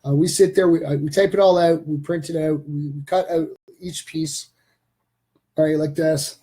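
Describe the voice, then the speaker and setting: A man's voice: fairly high pitch, steady tone, moderate pace, dark tone, slightly rough. A man hosting a live stream, chatting casually and rambling with lots of fillers. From Canada.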